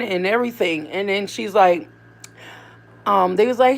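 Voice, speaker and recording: This mother and vlogger speaks in a mid-range voice with vocal fry, a moderate pace and frequent pauses. Talking casually to camera, she rambles conversationally and throws in animated asides.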